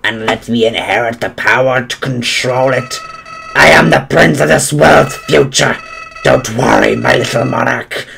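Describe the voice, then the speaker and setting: A man's voice: a little slow, vocal fry, fairly bright tone, slight background noise. A man voicing a sinister, mocking little flower creature with a taunting sing-song manner. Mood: menacing taunting. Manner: taunting, sing-song, swinging wildly in pitch.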